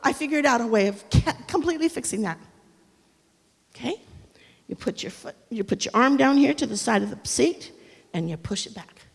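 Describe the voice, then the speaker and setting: A middle-aged woman pastor preaching a humorous, animated sermon, acting out quotes and swinging between loud and quiet. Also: a little high, moderate pace, creaky, husky. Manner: animated, humorous, acts out quotes with big shifts in loudness. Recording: long reverb of a large hall.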